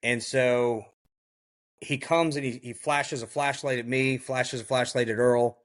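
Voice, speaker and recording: A man with a voice of middling pitch tells his story as a podcast guest, in a loose and animated way. He keeps dropping "like" and "you know," and he slips into other people's voices when he repeats what they said. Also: unhurried. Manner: heavy use of "like" and "you know". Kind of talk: recounting a survival story in a podcast interview.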